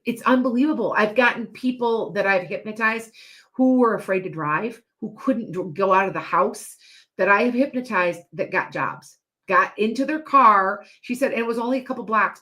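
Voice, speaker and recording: A woman's voice: medium pitch, lively intonation, normal speed, a bit bright. Lady psychic rambling on a live stream, restarts a lot, chatty asides to viewers.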